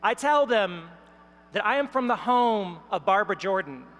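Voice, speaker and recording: A woman from Texas, giving a rousing political speech at a convention, building up to shouts. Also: medium pitch, expressive, normal speed, in a large hall. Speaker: convention speaker. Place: large convention hall.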